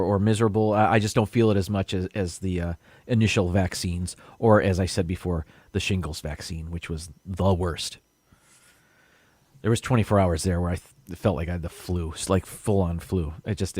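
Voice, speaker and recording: A man's voice: lowish voice, dry recording, clean studio sound. Rambling man hosting a live stream. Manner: rambling, reads viewer comments, stumbles over unfamiliar words. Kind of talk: casual live stream chat.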